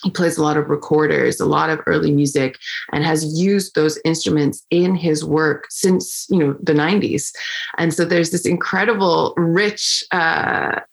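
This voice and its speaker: A young woman with a low, gravelly voice chats about her work as a flutist. She tells the story casually, with lots of fillers and restarts, and livens up when she quotes people. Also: moderate pace. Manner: chatty, full of fillers and restarts, animated when quoting. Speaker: flutist and interview guest.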